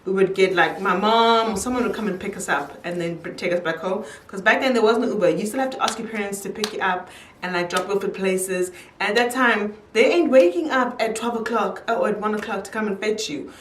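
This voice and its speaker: A woman's voice: medium pitch, a little fast, far from the mic, a little hiss or hum. A young woman chatting casually to camera while doing her makeup, telling a story and laughing easily. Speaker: beauty vlogger. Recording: echoey room, voice from off-mic.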